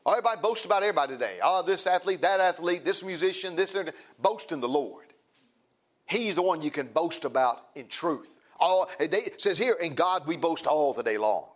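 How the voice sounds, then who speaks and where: A man's voice: on the high side, expressive, fairly quick. A man preaching a sermon, emphatic and repetitive, often restarting his phrases.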